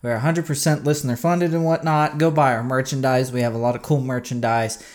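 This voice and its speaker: A man's voice: medium pitch, steady tone, brisk, darkish tone. Jokey man co-hosting a podcast. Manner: jokey, laughing, trails into silly voices. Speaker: podcast co-host. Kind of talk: casual podcast chat.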